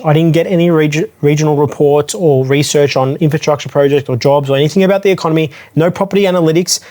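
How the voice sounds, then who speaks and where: A property advisor talks casually to camera, frankly recounting his own property purchase with restarts and asides. His voice is on the high side with a darkish tone.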